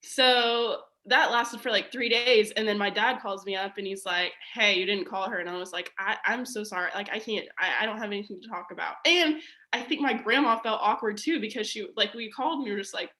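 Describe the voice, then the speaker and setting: Bright-voiced young woman telling a story. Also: medium pitch, a little fast, few pauses. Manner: animated, says "like" a lot, acts out quoted voices. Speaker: guest. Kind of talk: casual storytelling conversation.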